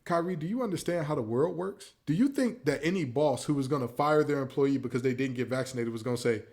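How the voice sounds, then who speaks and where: A man's voice: medium pitch, fast, few pauses. A man hosting a casual sports talk show, ranting with mock quotes. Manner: animated, preachy rants with mock quotes. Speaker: podcast host.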